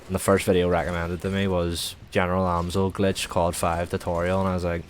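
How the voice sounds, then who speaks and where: A man's voice: low voice, completely flat delivery, fairly quick, a little hiss or hum. A young man streaming, chatting in a loose, rambling way, swearing freely and filling every gap with "like". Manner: sweary, rambling, heavy use of filler "like". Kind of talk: casual rambling chat.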